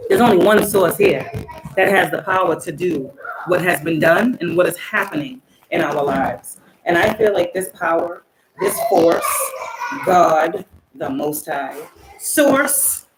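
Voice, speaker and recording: A woman giving a spiritual tarot reading, talking emphatically, swinging between loud outbursts and soft asides. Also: on the low side, animated, unhurried. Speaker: tarot reader and spiritual channeler. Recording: echoey room with background noise.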